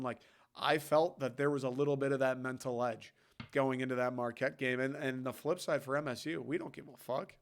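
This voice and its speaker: A man's voice: medium pitch, steady tone, brisk, clear, resonant tone. Blunt, profane man ranting about sports. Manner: blunt, profane, mocks critics in put-on voices. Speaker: sports podcast host. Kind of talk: opinionated sports rant.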